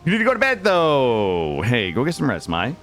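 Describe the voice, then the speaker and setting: At a moderate pace and in a mid-range voice, a man streams a game with faint music in the background. He rambles casually to viewers, swears as he spins animated stories and greets chat members by name during play.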